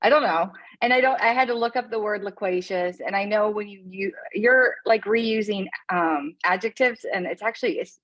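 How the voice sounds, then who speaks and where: A woman's voice: mid-range voice, moderate pace, hardly any pauses, a bit bright, highs cut off. A woman co-hosting a casual podcast in a mid-range voice. She talks chattily and teasingly, full of likes and ums, as if speaking into a phone. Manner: chatty and teasing, many fillers. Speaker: podcast co-host. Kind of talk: casual chat.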